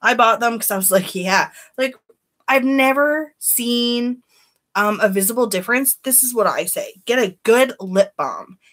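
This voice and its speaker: A woman's voice: on the high side, lively intonation, normal speed, a bit bright. A woman chatting casually on a beauty live stream, greeting viewers by name and giving candid opinions.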